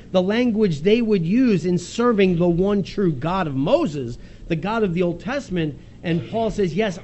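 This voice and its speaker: A male preacher talks through a scripture story in a casual, animated way, stumbling and restarting as he goes and laughing now and then. His voice sits fairly high and swings widely in pitch. A faint background hiss runs under the recording. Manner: conversational, animated retelling with quick laughs and restarts. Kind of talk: expository sermon.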